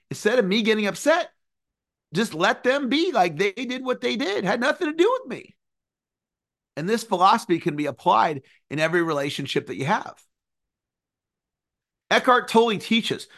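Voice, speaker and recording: A man in his forties giving an earnest, animated motivational lesson, sometimes singing a phrase. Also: high voice, moderate pace. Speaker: success coach. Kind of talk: motivational teaching talk.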